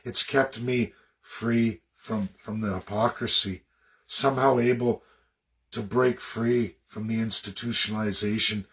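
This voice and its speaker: Man, from Canada, preachy, lecturing, loud bursts and low mutters. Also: steady tone, measured pace. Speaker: political commentator. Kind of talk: impassioned monologue.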